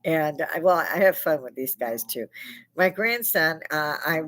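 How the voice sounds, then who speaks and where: A woman's voice: low-pitched, expressive, a little slow, a bit bright. A woman in her sixties, a live-stream host, telling rambling stories in a blunt, profane way and laughing often. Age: 60s. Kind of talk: casual chat.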